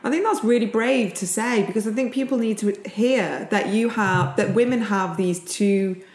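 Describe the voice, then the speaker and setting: A woman's voice: mid-range voice, moderate pace, darkish tone. A woman hosting a podcast, responding reflectively and supportively to her guest. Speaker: podcast host. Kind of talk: interview conversation. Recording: echoey room.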